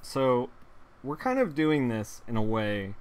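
A man's voice: medium pitch, big pitch swings, takes it slowly, darkish tone, clean tone. A man chatting casually while painting on a live stream, rambling with lots of fillers and laughing at his own jokes. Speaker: digital artist streaming a painting session.

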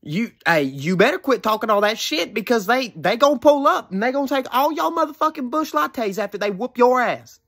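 A woman talks over video clips in casual commentary. She swears in disbelief and keeps laughing between remarks. Her pitch swings lively up and down. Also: brisk, hardly any pauses. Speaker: reaction video host.

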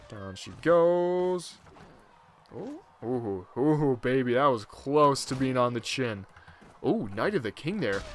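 A young man giving casual, excitable commentary over his own gameplay, with loud high outbursts when things go wrong. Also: slight background noise. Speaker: gaming video host.

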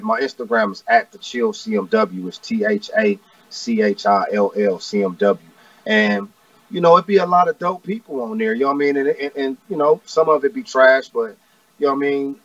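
A man's voice: fairly high pitch, creaky, a bit bright, dry recording. A man in his forties from Southern California, a rapper talking as a guest in a casual, laid-back, slangy way, often repeating "you know what I mean.". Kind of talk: casual interview chat. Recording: distant, dull, dry lo-fi audio.

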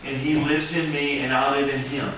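A man preaching a sermon in a church hall, animated and acting out the voices of people praying. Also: mid-range voice, moderate pace, background noise. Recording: echoey hall, mic from a distance.

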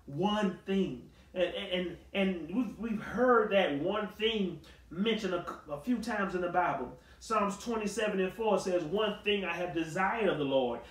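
High-voiced pastor, echoey and distant. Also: male voice, animated, measured pace, hardly any pauses. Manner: conversational preaching that builds to shouting; acts out scripture voices with sass and humor. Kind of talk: Bible study sermon.

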